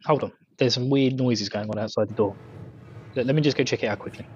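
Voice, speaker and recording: A man's voice: medium pitch, fast talker, long reverb tail, dull audio, slight background noise. A man co-hosting a podcast, giving a jokey, overacted promo. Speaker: podcast co-host. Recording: music playing underneath.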